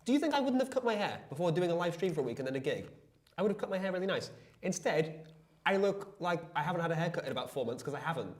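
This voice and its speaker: A man's voice: on the high side, fast. A man co-hosting a livestream, chatting casually and acting out the people in his stories. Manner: animated storyteller, acts out quoted exchanges. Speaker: livestream co-host. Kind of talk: casual chat.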